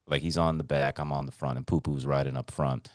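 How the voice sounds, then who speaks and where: A man hosting a podcast, telling a story in an excitable, rambling way with casual swearing and lots of repetition. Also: rumbling low, brisk, dry recording. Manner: excitable, swears freely, repeats himself. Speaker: podcast co-host.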